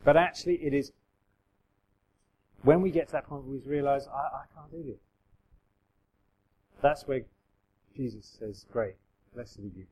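A man's voice: medium pitch, measured pace, pauses often, darkish tone, husky, poor audio. A middle-aged man preaching a sermon in a conversational way, acting out quoted voices with self-deprecating humour. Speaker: pastor.

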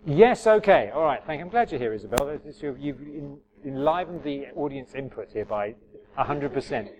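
A preacher gives an informal sermon, chatting, correcting himself and tossing wry asides to the congregation as they interact. His voice is a little high and a little mellow, and the recording quality is low.

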